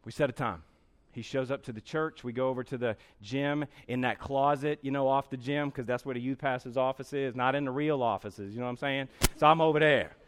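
A middle-aged male pastor preaching a sermon, telling a personal story with animated acting-out and sudden shouts. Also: medium pitch, brisk.

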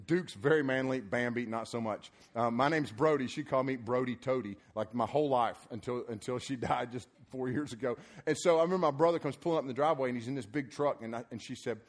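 A man preaching a sermon, emphatic and rousing, then loose and joking in conversational asides. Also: mid-range voice. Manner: energetic and emphatic, rising into loud repeated punchlines. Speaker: preacher at a summer youth program.

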